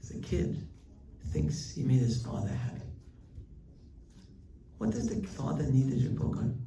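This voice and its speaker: A rabbi teaching his weekly class in an animated storytelling manner, with his pitch shooting up high for emphasis. His mid-range voice echoes around an indoor room. It is picked up from some distance, with faint ambience underneath. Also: measured pace, creaky, slight background noise. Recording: roomy hall, distant mic, faint ambience.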